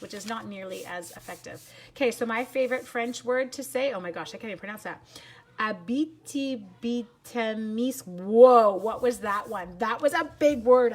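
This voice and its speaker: Bubbly woman, a little higher voice, chatty craft demo host reading viewer comments. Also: a bit bright. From Canada. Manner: bubbly, chatty, quick to laugh. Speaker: papercraft demonstrator and teacher.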